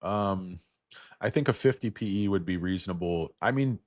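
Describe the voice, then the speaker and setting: A man with a hoarse voice from getting sick, hosting a casual livestream about stocks. He rambles, jokes crudely and talks to his viewers. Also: sits low, moderate pace, a little mellow, no room sound, clean studio sound. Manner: rambling, crude, joking asides. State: losing his voice, feeling sick. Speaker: stock market livestream host.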